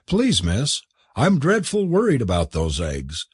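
A man's voice: mid-range voice, huge pitch swings, a little slow, breathy edge, dry recording, clean studio sound, heavily acted. A man voicing a flustered, anxious cook who is a man disguised as a woman, pleading and servile in manner. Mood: fretful.

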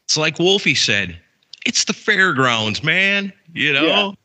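A man's voice: a little high, takes it slowly. A man from Wisconsin, a ring announcer and guest, telling stories in casual chat and acting out the dialogue. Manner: animated, acts out quoted dialogue.

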